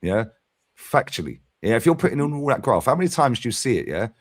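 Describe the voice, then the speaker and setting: A man's voice: mid-range voice, very animated, fast talker, no echo, clean studio sound. A man hosting a casual football fan chat, blunt and sweary, tagging "yeah?" onto his points. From London. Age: 40s. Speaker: fan channel host.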